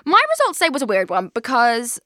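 A woman's voice: fairly high pitch, very animated, a little fast, bright, forceful tone, no room sound, clean studio sound. A young woman hosting a podcast, chatting casually in a rambling, self-deprecating way and laughing often. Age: young adult. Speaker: podcast host. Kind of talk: casual chat.

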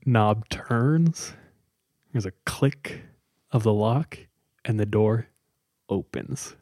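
A man hosting a podcast, casually telling a scary story with dramatic pauses and lots of "like.". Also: lowish voice, no echo, studio quality. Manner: relaxed, dramatic pauses, many "like"s.

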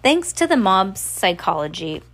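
A woman's voice: medium pitch, big pitch swings, measured pace, a bit bright. A woman reading the lines of a worried, determined, inventive teenage girl from a storybook, with occasional stumbles.

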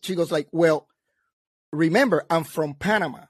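A man with a fairly high voice tells stories from his army days in a casual chat, slipping into voices for the people he quotes. The sound is dry and close. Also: normal speed, dry recording. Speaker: veteran guest.

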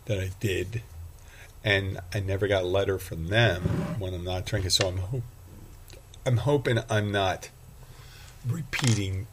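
A man's voice: low-pitched, noisy background. A man hosting a casual solo podcast, rambling and self-deprecating as he talks. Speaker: podcast host and bartender.

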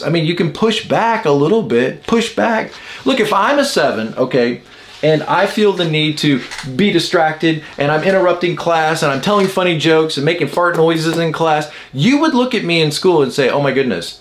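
A man teaching the Enneagram in an informal, emphatic way, with many rhetorical questions to his viewers. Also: a little high.

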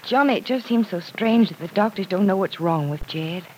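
An earnest young woman with worry in her voice, played by an actress in a vintage radio drama. The delivery is heartfelt and clear, with a faint hiss under the old broadcast. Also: mid-range voice, lively intonation, normal speed, a little mellow, close to an everyday voice, poor audio. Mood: anxious. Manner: anxious, earnest, playful at times. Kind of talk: 1940s radio drama acting.

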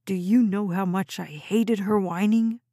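A woman's voice: medium pitch, fairly even intonation, measured pace, mellow, no echo, studio quality. A woman voicing a bitter middle-aged stepfather who bellows and mocks, in an audiobook. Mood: angry scorn. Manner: bellowing, mocking. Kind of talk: audiobook character reading.

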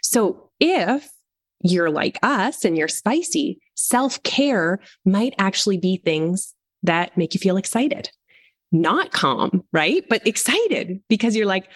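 A woman's voice: mid-range voice, very animated, takes it slowly. A middle-aged woman, a parent coach, talking earnestly in a podcast interview and acting out little quoted voices.

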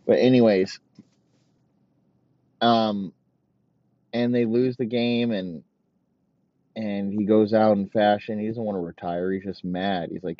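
A man with a very low voice rants crudely and rambles, swearing constantly in mock outrage. The recording is dull and dry, with no room echo. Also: a little slow, long pauses. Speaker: podcast host. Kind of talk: profane comedic rant.

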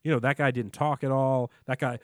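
A man's voice: medium pitch, fairly even intonation, fairly quick, dry recording, studio quality. A young man co-hosting a podcast, telling a rambling story and laughing as he talks. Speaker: podcast co-host. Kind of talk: casual chat.

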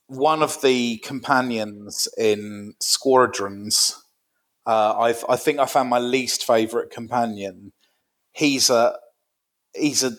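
A man co-hosting a casual podcast chat, animated and playful in his storytelling. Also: mid-range voice. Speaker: podcast co-host.

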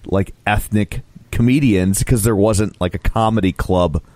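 A man's voice: lowish voice, unhurried, mellow, dry recording. A man co-hosting a casual podcast, reading ads and chatting, prone to rambling tangents. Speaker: podcast co-host. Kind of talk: casual podcast chat and ad reads.

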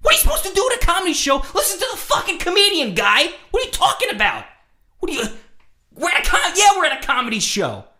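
A belligerent drunk heckler, put on by a man telling a story, yelling in a voice pushed well above his normal pitch. He repeats himself, and his tone swings wildly as he rants. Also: huge pitch swings, fast, full character voice. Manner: yelling, repetitive, pitched up high.

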